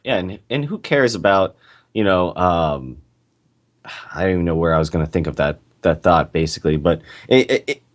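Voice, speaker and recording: A man's voice: sits low, lively intonation, moderate pace. A man co-hosting a casual podcast over an online call, talking in a laid-back, hesitant way with lots of fillers. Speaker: podcast co-host. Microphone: call microphone.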